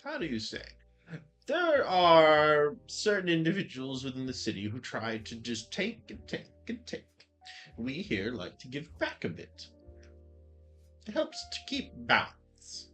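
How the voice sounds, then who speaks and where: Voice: mid-range voice, very animated, unhurried, fairly bright tone, faint music behind, pitched below the performer's own voice. Game master doing a sugary old hag aunt. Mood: businesslike. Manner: genteel and chatty, with gruesome asides. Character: sweet-talking old hag aunt, shopkeeper, cheerfully creepy.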